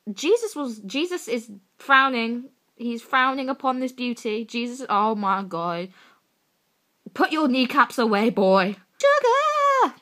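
Young woman fangirling on a reaction vid, high swoopy voice, cheeky teasing, slow drawn-out gushing. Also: a bit bright. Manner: gushing, gasping and exclaiming over photos. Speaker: reaction video host. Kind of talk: reaction video commentary.

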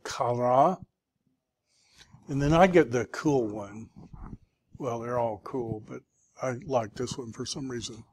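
Slow, patient man teaching Hebrew. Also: medium pitch, darkish tone, husky, no room sound. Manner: patient, sounds words out syllable by syllable. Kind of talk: classroom review lesson.

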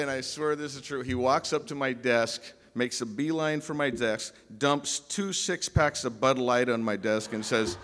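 A man giving a humorous, story-filled memorial speech with restarts and emphatic pauses, in a large pavilion hall. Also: mid-range voice, fairly bright tone, slight background noise. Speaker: eulogist speaking at a memorial. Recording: long hall reverb.

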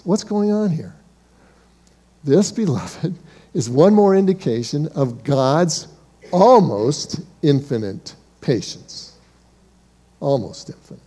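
A pastor delivers a sermon in a fairly high yet warm, mellow voice. He speaks to his congregation with rhetorical questions and addresses them as beloved, pushing some lines hard and dropping others almost to a hush. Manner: dynamic delivery, shifting from emphatic to hushed.

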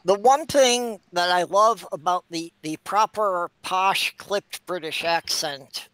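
A man's voice: sits high, slow pace, fairly bright tone, clean tone, no echo, low-quality recording. A man chatting casually in a group conversation, laid-back and agreeable.

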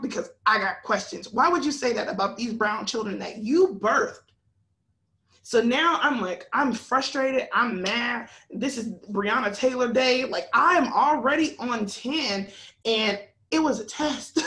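A woman in her thirties, a podcast guest, telling a story in a lively, animated way, often laughing. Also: a little high, moderate pace. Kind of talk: casual podcast conversation.

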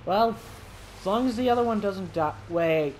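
A man's voice: sits high, expressive, moderate pace, a little mellow, a little hiss or hum. A man giving let's play commentary who talks to the dinosaurs on screen and yelps and shrieks when startled. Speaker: gaming commentator.

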